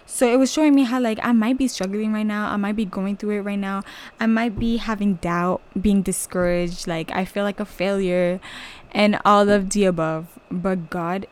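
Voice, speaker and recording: A young woman whose first language is French, hosting a podcast and telling a personal faith testimony in a chatty, animated way full of "like" fillers. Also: medium pitch, normal speed, clean tone. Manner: animated storytelling, many "like" fillers, voice jumping up when excited. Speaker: podcast host.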